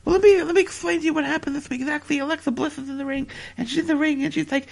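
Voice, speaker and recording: A woman's voice: sits high, steady tone, racing, gravelly, a little mellow. A woman hosting a parody podcast in rambling comedic chat, stammering, repeating words and giggling. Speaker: podcast host.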